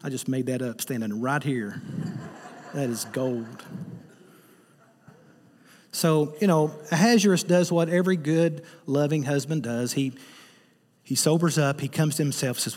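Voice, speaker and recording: Male pastor, sermon delivery, animated and humorous, slightly high voice, long hall reverb. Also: unhurried, pauses often. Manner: animated, joking storyteller.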